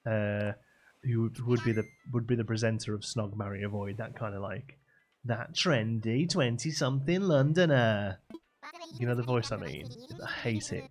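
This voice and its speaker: A man's voice: on the low side, steady tone, brisk, darkish tone. A man chatting casually while live-streaming a game, rambling and laughing between stories. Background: game music.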